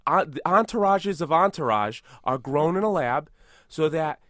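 A man doing an impression of a boastful tough-guy movie star, rambling deadpan about absurd things in an improvised comedy podcast. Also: on the high side, moderate pace, no echo, studio quality.

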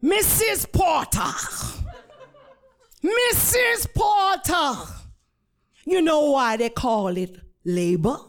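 A stern, motherly middle-aged nurse, put on by a woman telling a story, barks orders in a thick Jamaican accent. Her voice rides up high and loud, and she takes her time with each blunt, broken-grammar phrase. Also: animated, extremely slow, pauses often, heavily acted. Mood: scolding. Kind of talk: storytelling with acted quotes.

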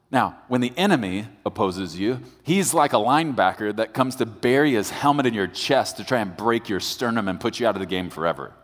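A man preaching a sermon as pastor, animated, swinging between loud emphatic bursts and hushed, intense passages. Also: a little high. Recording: long hall reverb.

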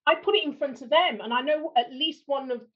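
High-voiced woman hosting a podcast. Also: brisk, muffled recording. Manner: self-deprecating humor, laughs often. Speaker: podcast host. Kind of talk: casual interview chat.

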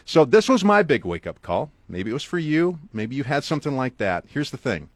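A middle-aged author and guest speaker tells a motivational story in a very animated, brisk voice with no echo. He addresses the listener directly and earnestly, swinging widely in pitch and loudness for emphasis.

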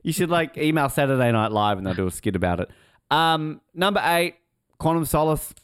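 A man's voice: fairly high pitch, big pitch swings, a little fast, clean tone, no room sound, clean studio sound. A man co-hosting a podcast in casual chat, rambling and interrupting himself, laughing often. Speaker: podcast co-host.

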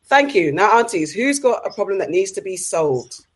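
A woman co-hosting a casual chat show, reading viewer comments aloud in a brisk, upbeat way. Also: medium pitch, very animated, breathy edge. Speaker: podcast co-host.

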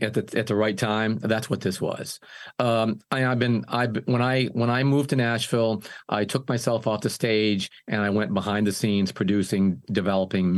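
An older man, a singer and music producer, telling his story in a casual interview and often restarting his phrases. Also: lowish voice.

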